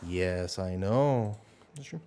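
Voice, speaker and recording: Relaxed low-voiced male streamer. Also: slow, slight background noise. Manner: relaxed, chatty, thinks aloud while playing. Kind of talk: live gameplay commentary and casual chat.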